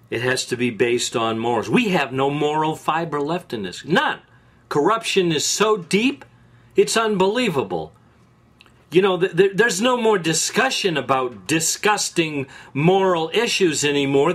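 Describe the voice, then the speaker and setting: Angry ranting high-voiced man host. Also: a bit bright. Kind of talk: political opinion monologue.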